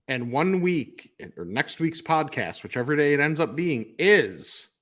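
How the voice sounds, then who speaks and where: A man's voice: a little high, very animated, measured pace, a bit bright. A man co-hosting a podcast in casual chat, jokey and self-deprecating, recorded in a studio with video cameras. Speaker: podcast co-host.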